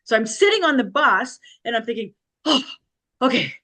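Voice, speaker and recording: A woman's voice: fairly high pitch, big pitch swings, fairly quick, bright, forceful tone. A middle-aged woman, an interview guest, telling her life story with emotion and nervous laughter. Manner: emotional, vivid retelling with quoted voices and nervous laughs.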